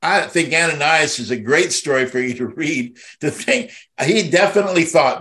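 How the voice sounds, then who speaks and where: A man's voice: a little high, expressive, a little slow, sharp tone. An older man hosting a devotional podcast, speaking with emotion in a rambling, heartfelt way that swells when moved. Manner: impassioned, rambling, voice swells with feeling. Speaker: podcast host and minister.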